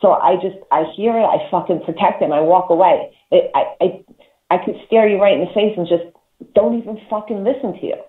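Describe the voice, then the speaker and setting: Emphatic and profane, this talk host hands out spiritual advice in a loose, repetitive, conversational flow. The voice arrives thin and phone-like, wrapped in a roomy echo, sitting mid-pitch. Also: brisk. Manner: profane, emphatic, repeats words, laughs between points. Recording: echoey, tinny phone-like line.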